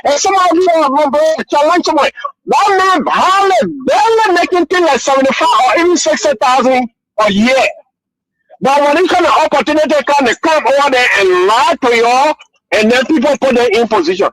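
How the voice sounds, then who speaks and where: Liberian man calling in, preachy and emphatic, really high voice. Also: a bit bright, no room sound, poor audio. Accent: Liberian English. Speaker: caller. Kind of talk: call-in radio talk.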